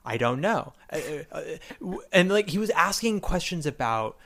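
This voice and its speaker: A man's voice: a little high, big pitch swings, moderate pace, a bit bright. A man hosting a podcast, chatting casually and animatedly, acting out quotes as he retells scenes. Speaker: podcast host. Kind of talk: casual chat.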